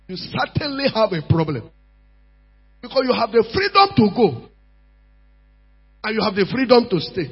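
A pastor preaching a sermon, emphatic and repetitive, swinging from quiet talk to shouting. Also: male voice, very high voice, sing-song, moderate pace, husky. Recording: dull lo-fi recording with mains hum.

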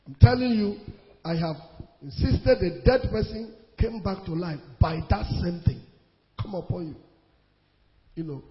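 High-voiced Nigerian pastor preaching in a hall. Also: male voice, creaky. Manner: emphatic preaching, repeats phrases, swings between loud and hushed. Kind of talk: sermon. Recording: long hall reverb, dull lo-fi sound.

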